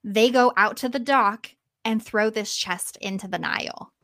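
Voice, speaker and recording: A woman hosting a podcast who retells a myth in a lively, casual way, swearing now and then. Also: a little high, unhurried, no echo. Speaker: podcast host. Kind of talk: casual storytelling.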